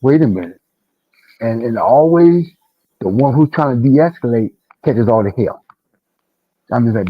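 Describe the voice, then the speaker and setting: A man from Detroit talking in a casual panel discussion, animated and climbing high when he vents. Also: a little slow, long pauses, slightly rough, dry recording. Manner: animated, rising to a high pitch when venting. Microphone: online call mic. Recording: dull, lo-fi online call audio.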